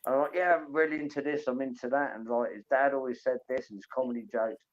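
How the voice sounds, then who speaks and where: A man's voice: medium pitch, fairly even intonation, fast, muffled recording. A man from England, telling rambling, enthusiastic stories in casual chat.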